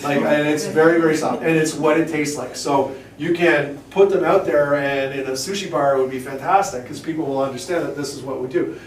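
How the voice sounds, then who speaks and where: Jokey rambling shucker, roomy shop. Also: male voice, a little high, steady tone, fairly quick, hardly any pauses. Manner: rambling, jokey, acts out quotes. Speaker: oyster shucker giving a demonstration. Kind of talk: casual hands-on talk to industry staff. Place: fish shop, indoors. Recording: roomy, distant camera, faint hum.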